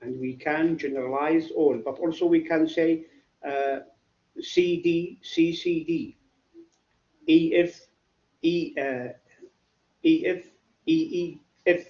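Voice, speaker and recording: Guy teaching class, talks real slow, keeps asking "what?", muffled lo-fi recording. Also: on the high side, fairly even intonation, a little mellow, echoey room. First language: Arabic. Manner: repetitive, quizzes students with "what?". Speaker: English literature teacher. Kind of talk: classroom lecture.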